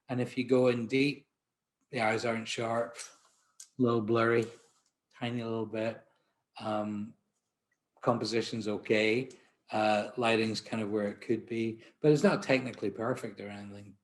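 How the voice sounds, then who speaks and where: A Scottish man from Glasgow with a Glaswegian accent and a somewhat low-pitched voice gives an anecdotal presentation about his portrait work. He talks in a chatty, self-deprecating way, often restarting his sentences. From Glasgow, Scotland. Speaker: portrait photographer giving a conference talk.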